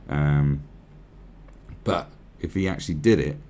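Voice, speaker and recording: A man's voice: a bass voice, a little slow, mellow, slight background noise. A man giving profane, rambling, sarcastic commentary on a news article.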